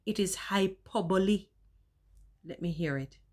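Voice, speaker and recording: Low-voiced woman savouring her words. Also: a little slow. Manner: elaborate, expressive, savours long words. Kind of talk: casual vlog monologue.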